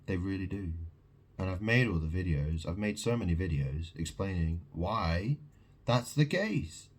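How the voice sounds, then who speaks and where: A man's voice: low-pitched, lively intonation, measured pace, breathy edge. A man delivering a rambling, agitated monologue to camera, preaching and repeating questions at the listener. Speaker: video monologue host.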